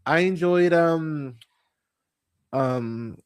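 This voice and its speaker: This young male podcast host talks extremely slowly in a clean, fairly high voice. His casual bad-movie review is rambling and profane, packed with fillers, frequent laughs, and swoops into mocking voices.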